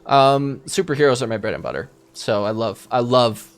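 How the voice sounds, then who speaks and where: This game master, animated and mid-range in voice at a moderate pace, responds to viewers' questions casually. He reasons out loud, starts sentences over, and leans on examples from his own campaign.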